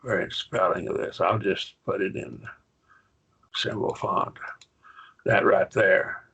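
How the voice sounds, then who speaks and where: A man's voice: low-pitched, fairly even intonation, slow, pushed and bright, breathy edge. A man teaching a college-level Greek Bible class, explaining step by step with enthusiasm. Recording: muffled lo-fi class recording.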